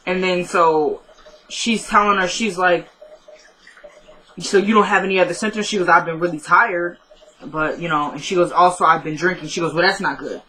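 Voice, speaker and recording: A woman's voice: lowish voice, moderate pace, pushed and bright, low-quality recording. A woman casually recapping a TV episode, retelling each scene as quoted back-and-forth dialogue with loose fillers. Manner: loose, filler-heavy storytelling. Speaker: show recapper.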